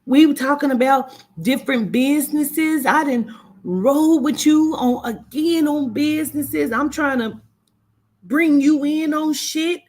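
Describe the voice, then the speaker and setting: A woman's voice: high-pitched, a little slow, a little mellow. A woman who gives spiritual readings tells a personal story casually and bluntly, swearing often. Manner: blunt, swearing, acts out quoted voices. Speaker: spiritual reader.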